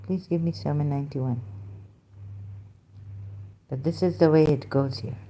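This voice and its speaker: A woman giving halting, emotional religious commentary, searching aloud for verses and near tears at times. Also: low-pitched, steady tone, mellow. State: close to tears.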